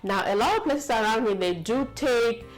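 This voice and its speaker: A woman's voice: on the high side, animated, moderate pace, poor audio. A woman from the United States telling a story to camera in a chatty, rambling way, full of fillers and asides. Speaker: vlogger.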